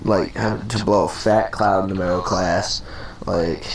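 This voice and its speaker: A man's voice: low voice, fairly even intonation, moderate pace, a little hiss or hum. A young man telling a school story in a rambling, laid-back way, full of fillers and swearing. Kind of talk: casual storytime.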